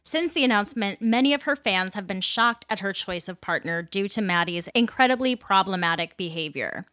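Host in her 30s, sarcastic rant, blunt, close dry mic, medium-pitched woman. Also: animated, fairly quick, sharp tone, no echo. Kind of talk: ranting commentary.

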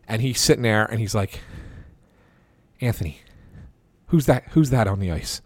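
A man's voice: on the low side, animated, moderate pace, dry recording. A man hosting a sports podcast, telling a long anecdote in a casual chatty way, full of restarts and quoted dialogue. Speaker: podcast host. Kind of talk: casual storytelling.

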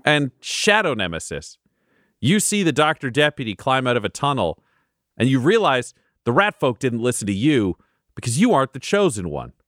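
A man's voice: medium pitch, wildly swooping pitch, moderate pace, fairly bright tone, no room sound, clean studio sound. A man narrating a tabletop game as dungeon master, playful and dramatic.

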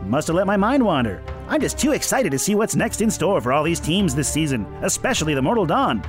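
A man's voice: fairly high pitch, big pitch swings, brisk, soft background music. A man voicing an upbeat male fantasy broadcast announcer with slick promotional patter. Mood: chipper.

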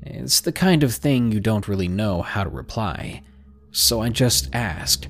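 Lively male horror story narrator. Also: on the low side, a little slow. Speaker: podcast narrator. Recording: narration with faint music bed.

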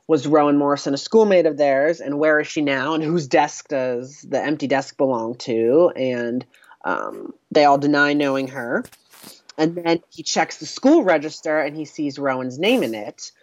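A podcast co-host with a deep, darkish voice recaps a film in a casual chat, her intonation lively and her speed normal. She's chatty, packing in lots of fillers and laughter. The recording is dull and lo-fi, with no echo.

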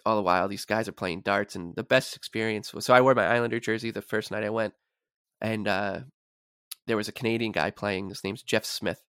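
Male podcast guest, low voice, dry sound, rambling storyteller. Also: fairly even intonation, a little fast, fairly bright tone, clear, resonant tone, dry recording. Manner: rambling, repeats words, many likes. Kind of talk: casual sports podcast chat.

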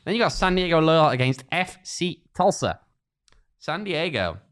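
A man's voice: on the high side, very animated, moderate pace, a bit bright. A man co-hosting a casual soccer preview podcast, chatty with dry sarcastic asides. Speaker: podcast co-host.

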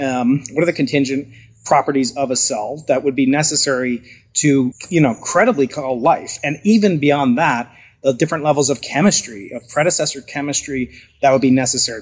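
A man's voice: mid-range voice, slightly rough. A man interviewing a guest, asking long questions while searching for the right words. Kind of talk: conversational interview.

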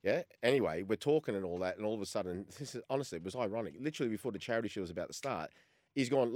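A quick, rapid-fire Australian man in his fifties spins a story on sports radio with a lowish voice. He acts out every exchange he recounts. The studio sound is close and dry. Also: dry recording. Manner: animated storyteller who acts out quoted exchanges. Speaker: guest, former goalkeeper.

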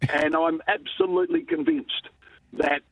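An older Australian man telling a story in an interview, lively and chuckling between lines. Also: a little slow, creaky, no echo. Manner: animated storyteller, lively pitch jumps, chuckles. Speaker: interview guest, former cricket captain. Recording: dry, tinny phone-like line.

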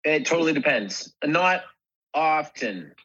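This is a male guest actor in easygoing podcast conversation, speaking slowly in a fairly high, husky and breathy voice. His thoughts loop around, he frequently restarts a phrase before completing it, and the audio is a bit dull and muffled.

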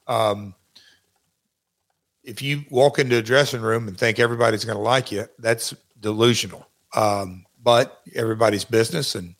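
A man's voice: mid-range voice, a bit bright. A man speaking as an interview guest, talking casually and rambling with many restarts. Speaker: guest recalling his wrestling career.

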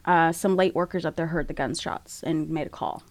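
A woman's voice: low-pitched, moderate pace, a crowd in the background. A middle-aged woman, an interview guest, telling a personal story candidly and acting out her own thoughts at the time. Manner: candid, animated when retelling, acts out her own quoted thoughts.

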